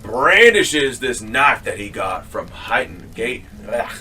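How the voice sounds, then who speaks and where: A man's voice: mid-range voice, sing-song, slow, pushed and bright, far from the mic. A man casually telling a comedic story, rambling with restarts and mild swearing.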